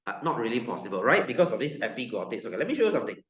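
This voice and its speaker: Malaysian guy teaching science, animated up-and-down voice, keeps quizzing the kids, echoey classroom, kinda muffled. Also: mid-range voice, very fast. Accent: Malaysian English. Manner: lively, joking, repeats himself, tosses questions at students. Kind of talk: classroom lecture. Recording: roomy classroom, dull lo-fi sound.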